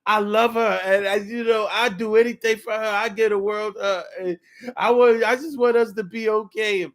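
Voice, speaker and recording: A man voicing a young boyfriend who whines, pleads and lies loudly. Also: fairly even intonation, normal speed. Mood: wheedling. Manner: loud, high-pitched, frantic pleading.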